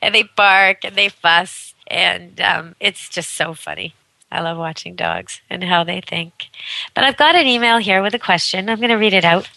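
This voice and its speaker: Chatty woman host of a pet radio show; bright, forward tone, dry close sound. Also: medium pitch, normal speed, creaky, no room sound, low-quality recording. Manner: chatty, amused, laughs often, playful dog voices. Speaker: radio show host, dog camp owner. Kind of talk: casual radio monologue. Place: rural dog camp in Canada.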